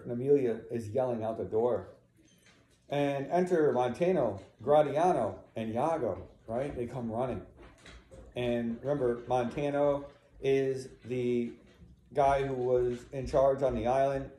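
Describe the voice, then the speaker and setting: A man's voice: mid-range voice, measured pace, warm tone. A man reading a play aloud and explaining it in a conversational way, often checking in with "right?". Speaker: teacher. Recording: roomy echo.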